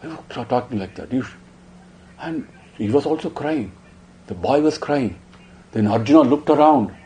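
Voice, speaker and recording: A man telling a sacred story in a devotional discourse, emotive, dropping hushed then rising. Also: medium pitch, expressive, moderate pace, slight background noise. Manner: emotive, swinging between hushed and raised. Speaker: spiritual discourse speaker.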